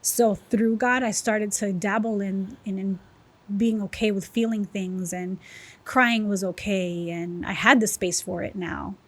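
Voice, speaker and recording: A woman as a podcast guest, telling her personal story in a candid, emotional, animated way. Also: mid-range voice, measured pace. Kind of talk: personal testimony interview.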